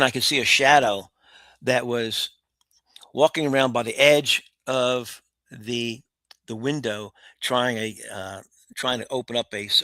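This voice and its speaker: A man's voice: medium pitch, bright, forceful tone, no room sound. Older american guy telling war stories, blunt and rambling, dry close sound. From United States. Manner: vivid, blunt war storytelling with frequent restarts. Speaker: guest. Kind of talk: storytelling interview.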